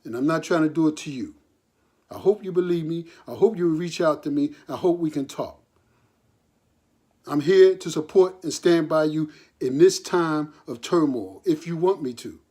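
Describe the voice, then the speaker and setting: A man's voice: a little high, normal speed, warm tone. An older man making a recorded personal appeal to his grown son, earnest and hurt, pleading with him. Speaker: father addressing his son.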